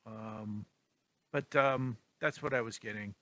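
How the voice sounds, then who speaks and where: A man casually talking through his photos in a vlog, relaxed and rambling with lots of ums. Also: lowish voice, slow pace. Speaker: photography vlogger. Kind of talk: casual tutorial talk.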